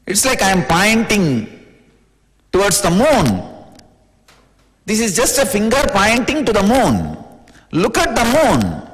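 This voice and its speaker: A spiritual teacher from India with an Indian accent, giving an informal, playful, teasing discourse in plain words. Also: male voice, sits high, huge pitch swings, takes it slowly, long pauses. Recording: long reverb of a large hall.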